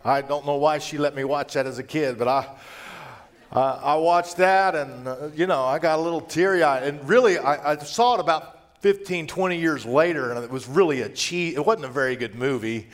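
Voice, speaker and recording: Middle-aged pastor, raised voice, storytelling sermon. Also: male voice, on the high side, normal speed. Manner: personal storytelling, swings between hushed and raised delivery. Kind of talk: conversational sermon.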